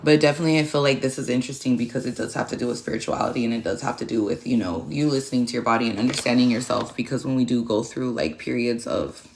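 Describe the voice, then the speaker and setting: A woman's voice: very deep voice, steady tone, fast talker, vocal fry, few pauses, slight background noise. A woman hosting a tarot livestream, chatting casually in a blunt, profane, rambling way and thanking viewers by name as she goes. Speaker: tarot reader and livestream host.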